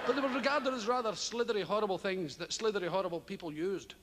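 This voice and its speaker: A man's voice: high-pitched, quick pace, hardly any pauses, big-room sound, a crowd in the background. A man doing a stand-up comedy routine, swearing freely and acting out the people in his stories. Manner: animated, sweary, acts out voices. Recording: live stage recording with background noise.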